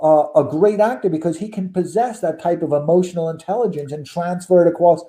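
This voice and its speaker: The guest's voice here is fairly high, warm, and a little fast as he chats casually. He pushes his views forcefully, firing off one rhetorical question after another.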